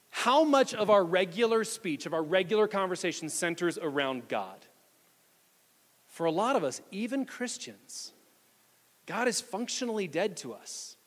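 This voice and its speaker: A male pastor preaching a sermon in a church, reading scripture aloud and explaining it with animated delivery. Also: high voice, long reverb tail. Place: church sanctuary.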